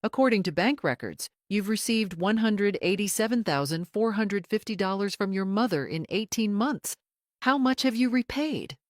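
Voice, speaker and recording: A woman's voice: medium pitch, normal speed, no room sound, clean studio sound, pitched above the performer's own voice, close to an everyday voice. A woman reading as a cool, relentless female attorney. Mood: cold. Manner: calm, precise, relentless. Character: sharp, icy female attorney cross-examining.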